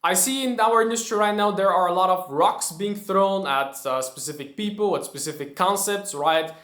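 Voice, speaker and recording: High-voiced man, emphatic trading coach. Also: moderate pace, a bit bright. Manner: emphatic, keeps asking "right?". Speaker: trading educator. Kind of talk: motivational talk to camera. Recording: roomy echo.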